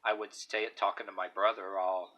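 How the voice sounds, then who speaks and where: A man talks straight to the camera in a loose, rambling opinion monologue. His voice sits a bit low but is bright and forceful, and he is blunt and emphatic, tripping over restarts and fillers as he goes. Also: little pitch movement, a little fast, highs cut off. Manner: blunt and emphatic, swearing now and then. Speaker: vlogger giving opinions.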